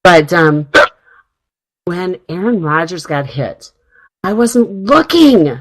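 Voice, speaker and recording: A chatty woman co-hosts a radio talk show in a lowish voice. She rambles through her stories with easy laughter and acts out quoted exchanges. The sound is narrow and phone-like. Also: animated, slow. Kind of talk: casual radio chat.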